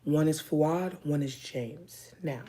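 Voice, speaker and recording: A woman's voice: low-pitched, a little slow, dark tone. Chatty woman hosting a live stream. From United States. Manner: candid, joking, reads chat comments aloud. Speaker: livestream host. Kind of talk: casual chat with viewers.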